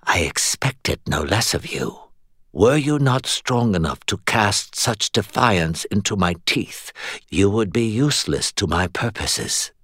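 A man voicing a cold, ancient female fae queen who speaks in a slow, measured hiss. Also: on the low side, expressive, fairly bright tone, breathy edge, no room sound, studio quality, exaggerated voice. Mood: menacing. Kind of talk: audiobook character voice.

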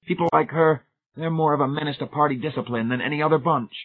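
A man voicing a booming, authoritative godlike giant who is a blunt party zealot. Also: quick pace, natural voice. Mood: lecturing. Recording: tinny phone-like sound.

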